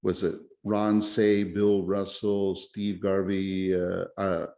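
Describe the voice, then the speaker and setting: A man chatting casually as a podcast host, rambling and excitable with many restarts. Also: low voice, takes it slowly. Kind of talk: casual chat. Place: lives in Japan.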